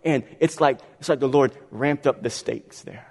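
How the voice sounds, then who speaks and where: A man preaching a sermon as pastor, swinging between quiet, drawn-out lines and loud, pressing ones. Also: medium pitch, creaky. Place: church sanctuary. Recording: long hall reverb.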